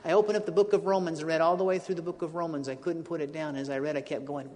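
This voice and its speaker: A man preaching, telling a personal story in an animated way that rises to excited quotes. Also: fairly high pitch, fast, hardly any pauses. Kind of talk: sermon storytelling. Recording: long hall reverb.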